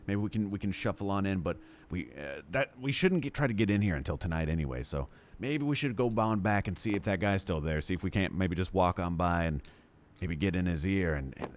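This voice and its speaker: A man's voice: sits low, expressive, a little fast, slight background noise. A man chatting casually as a player in a tabletop game, easygoing and rambling.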